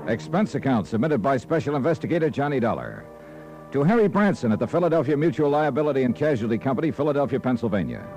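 Brief: male actor as a breezy, sarcastic private investigator, animated delivery, vintage radio. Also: medium pitch, quick pace, natural voice, poor audio. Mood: narrating. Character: wisecracking male freelance insurance investigator, adult. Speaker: radio drama lead and narrator. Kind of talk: 1950s radio drama acting. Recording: old radio broadcast with faint music.

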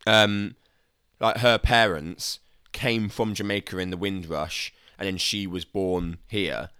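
A man's voice: low voice, fairly even intonation, slow, bright, forceful tone, clear, resonant tone, dry recording, clean studio sound. A young man, hosting a podcast in chatty, teasing talk and laughing often. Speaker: podcast host. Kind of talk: casual podcast chat.

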